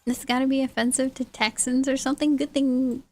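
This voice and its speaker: Brief: woman from California as a laid-back streamer, giggly and talkative, higher-pitched voice. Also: flat delivery, a little mellow. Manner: chatty, laughs often, quick asides. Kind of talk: casual livestream chat, reading chat aloud.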